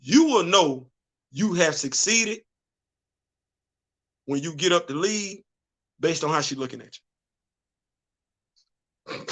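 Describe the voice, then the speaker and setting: On a streaming setup, a middle-aged host chats in loose slang, repeating himself, stumbling through restart after restart, and breaking into bits of song. His voice is on the high side, a bit bright and animated, and he speaks slowly with frequent pauses.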